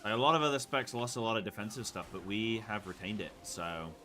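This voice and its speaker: A man's voice: on the low side, animated, quick pace, sharp tone, a little hiss or hum. A man streaming a game, chatting casually and muttering to himself as he picks options. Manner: rambling, mutters to himself while picking options. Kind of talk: casual gameplay chat.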